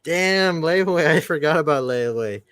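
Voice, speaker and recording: A man from Brooklyn co-hosting a casual live-stream chat, laughing often and talking in excitable slang. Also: on the high side, normal speed, smooth, dry recording. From New York. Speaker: co-host.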